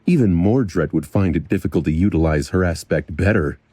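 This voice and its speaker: A man reading a fantasy novel aloud as a narrator, in a measured, even storytelling delivery. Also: low voice, husky, no room sound. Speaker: audiobook narrator. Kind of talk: scripted narration.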